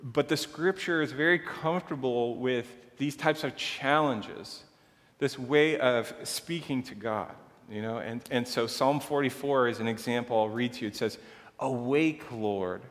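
Pastor, male, plain mid voice; earnest and talky, goes quiet and gentle; recorded in a reverberant sanctuary. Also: mid-range voice, moderate pace. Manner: earnest, conversational preaching, softening to a hushed tone. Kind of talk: sermon. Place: church sanctuary. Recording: long church hall reverb.

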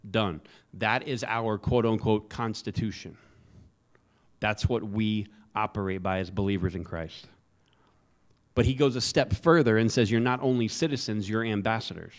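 Pastor, male, fairly low voice, casual and joking sermon delivery. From American South. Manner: conversational, joking asides.

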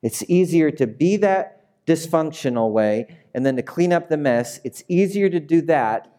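Guy preaching, fairly high mellow voice, chatty then punchy. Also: animated, measured pace. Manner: conversational preaching, rising to emphatic peaks. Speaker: pastor. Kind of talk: sermon.

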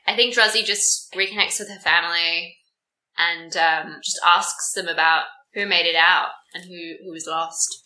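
A woman playing a tabletop game, talking in a soft-spoken, hesitant way. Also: lowish voice, fairly even intonation, a little slow, rough recording. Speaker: player.

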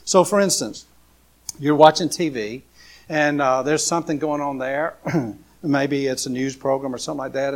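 A man preaching a casual sermon as a pastor, speaking in a loose, repetitive way with many fillers and rhetorical questions. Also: medium pitch. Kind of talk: conversational sermon.

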